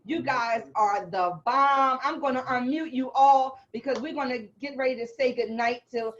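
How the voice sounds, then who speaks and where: A woman's voice: high voice, moderate pace, a bit bright. A woman co-host giving fervent, encouraging closing remarks over a video call. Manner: fervent and affirming. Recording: dull lo-fi call audio.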